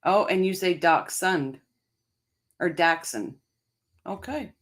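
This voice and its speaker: Woman, livestream host; slow, lowish, chatty with viewers. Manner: chatty, laughs often, answers viewers. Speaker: livestream host reading chat. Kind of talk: casual livestream chat.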